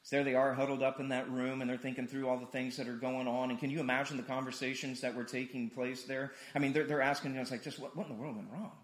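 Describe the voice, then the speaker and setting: A man's voice: medium pitch, level tone, fast talker, hardly any pauses, roomy sound. A man preaching a conversational sermon, often repeating words and acting out dialogue. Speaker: pastor.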